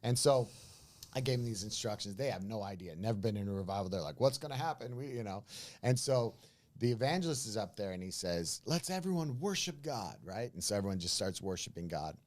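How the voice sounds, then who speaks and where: Low-voiced pastor telling a story. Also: male voice, brisk. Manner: animated storyteller, acts out quoted voices, says "man" and "bro". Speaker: pastor, guest. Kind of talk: storytelling in a casual interview.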